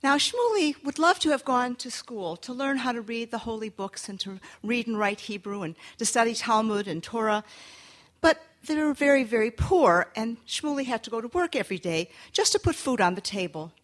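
A woman storyteller telling a folktale to an audience, lively and inviting them to join in. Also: on the high side, moderate pace.

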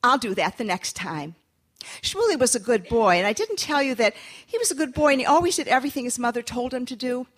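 Brief: woman storyteller, animated pitch, slightly high voice, folktale for listeners. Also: fast talker. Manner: lively, animated, inviting listeners to join.

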